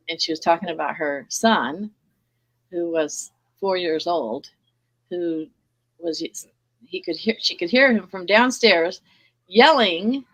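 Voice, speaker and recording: A middle-aged woman telling lively personal stories in a casual group video chat, laughing often. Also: on the low side, poor audio. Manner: animated storyteller, laughs often. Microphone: video call.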